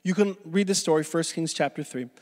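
High-voiced male pastor, loose and animated storyteller, preaching in a reverberant church hall. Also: a little fast. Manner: animated, casual, restarts phrases often. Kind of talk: conversational sermon storytelling. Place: church sanctuary.

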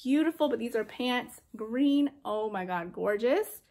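A young adult woman chatting excitedly in a casual haul vlog, gushing over her finds. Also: on the high side, a little slow. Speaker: reseller vlogger.

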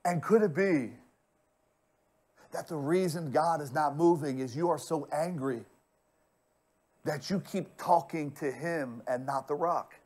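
Slow, dramatic preaching man. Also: a little high. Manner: dramatic preaching, swinging from loud to hushed; addresses the congregation directly. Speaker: pastor. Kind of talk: sermon.

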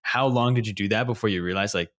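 A man hosting a podcast, asking relaxed, conversational questions. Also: lowish voice, fast talker. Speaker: podcast host. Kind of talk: interview questions.

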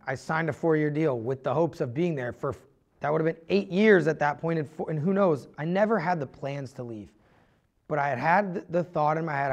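A young man telling his own story on a podcast, earnest and confessional, rambling with many fillers and restarts. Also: a little high. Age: young adult. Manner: rambling, heavy use of "like" and restarts. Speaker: podcast guest.

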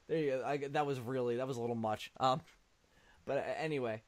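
A man co-hosting a casual podcast chat, joking and swearing with animated energy. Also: medium pitch, fast talker. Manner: animated, swears, jokey asides. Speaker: podcast co-host.

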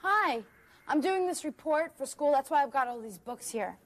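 High, exasperated young woman. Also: expressive, normal speed, loud music behind the voice. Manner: exasperated, pleading. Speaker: student.

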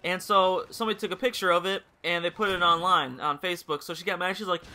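A man's voice: high-pitched, fast, few pauses, bright, forceful tone. A young man casually telling a rambling personal story over gameplay commentary, candid and swearing freely. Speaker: gaming channel host.

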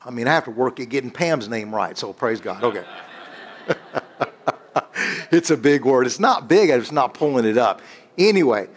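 A man preaching, animated, stopping to search for words and drawing answers from the congregation. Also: mid-range voice, moderate pace, long pauses. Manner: animated, call-and-response with congregation; rambling, restarts and searches for words. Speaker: guest preacher. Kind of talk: sermon.

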